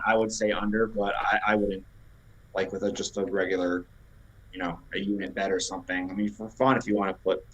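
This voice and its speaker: A man's voice: fairly low pitch, a bit bright, low-quality recording. A man co-hosting a sports podcast, matter-of-factly working through betting numbers in casual chat. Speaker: podcast co-host.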